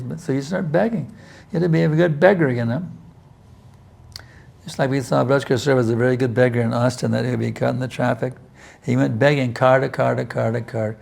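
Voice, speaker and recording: A spiritual teacher answers questions in an informal scripture class, talking conversationally with many "you see" asides and restarts, and at times pleading intensely as he acts out prayers. His medium-pitched voice has vocal fry and a darkish tone. He speaks fairly quickly with fairly even intonation.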